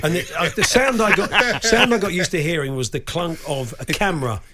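A man co-hosting a casual studio chat, throwing in quick, chatty questions. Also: high voice, a crowd in the background.

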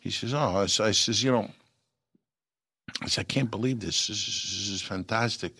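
An older man, an actor telling lively anecdotes in an interview and acting out the lines he quotes. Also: fairly low pitch, normal speed, creaky, slightly rough, dry recording, studio quality. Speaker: actor guest. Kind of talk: storytelling interview.

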